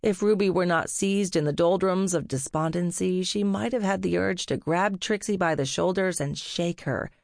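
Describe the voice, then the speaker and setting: A woman narrating an audiobook in a measured, somber way. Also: lowish voice, vocal fry, darkish tone, no echo, clean studio sound. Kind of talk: scripted narration.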